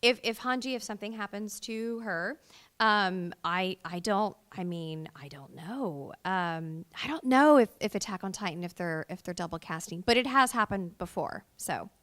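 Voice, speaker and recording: A woman voice actress being interviewed at a convention, telling lively stories and acting out the people in them. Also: mid-range voice, moderate pace. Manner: animated storyteller, acts out quotes with voices.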